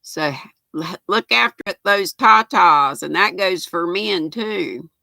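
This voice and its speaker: An older woman with a Southern drawl chats slowly on her live crafting stream. Her voice is bright with a gravelly edge. The sound is dry and close, and she greets her viewers warmly by name. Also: lowish voice, no room sound. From Southern United States. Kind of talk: casual live-stream chat, reading viewer comments.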